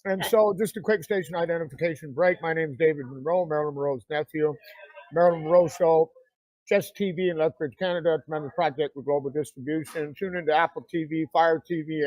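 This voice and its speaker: Rambling talk show host, higher male voice. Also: darkish tone, dry recording, low-quality recording. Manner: rambling promotional, many fillers. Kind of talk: casual interview chat.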